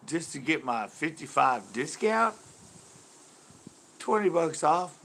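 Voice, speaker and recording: A man in his fifties hosting his channel, telling a story in casual chat, animated, laughing often and cursing freely. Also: on the high side, slow, gravelly. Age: 50s. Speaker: host.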